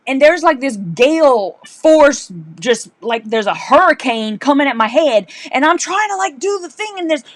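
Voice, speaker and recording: Lady rambling on her sewing livestream, kinda high voice, dry close mic. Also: normal speed, hardly any pauses, dry recording. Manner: chatty, animated storytelling, laughs often. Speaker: livestream host, quilter. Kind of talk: casual live-stream chat.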